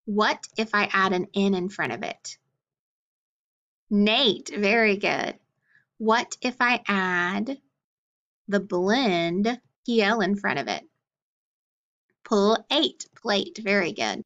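A woman teaching a phonics lesson, slow and patient, praising each answer. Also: mid-range voice, a bit bright. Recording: dull lo-fi recording.

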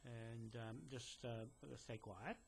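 A man's voice: medium pitch, level tone, takes it slowly, slight background noise. A man delivering a direct-to-camera message to a police detective indoors, rambling with many fillers and restarts, insistent and lecturing. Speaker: land claimant addressing a police detective. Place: indoors in a building.

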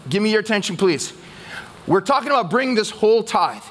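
A man pastor preaching a sermon to his church, asking the congregation questions and pausing for their answers. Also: sits high, animated, fairly bright tone.

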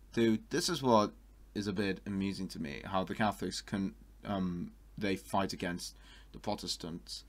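A young man with a somewhat low speaking voice. He reacts to online art in a loose, chatty way. He often jumps into high, loud exclamations and laughs a lot. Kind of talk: casual reaction commentary.

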